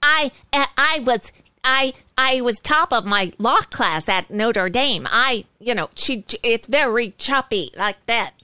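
A woman putting on the voice of a flat, robotic female judge who speaks in choppy staccato bursts. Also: a little high, measured pace, clean tone, no echo, studio quality. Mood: deadpan. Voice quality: staccato, monotone.

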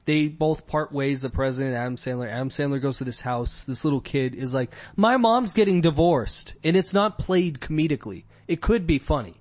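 A man in casual comedic chat, profane and laughing often as he mocks a movie's scenes with quick impressions. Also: mid-range voice, darkish tone.

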